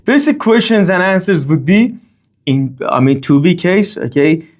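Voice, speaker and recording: A man teaching a grammar lesson, speaking, often pausing on okay and uh and reading example sentences with a lifted tone. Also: high-pitched, expressive. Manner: explains slowly with many fillers and okays. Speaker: language teacher.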